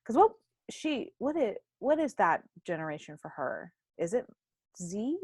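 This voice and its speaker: Swearing frequently, a young adult woman recounts candid stories in a casual, animated podcast chat she hosts. Her mid-range voice is slightly rough and measured in pace, recorded with no echo.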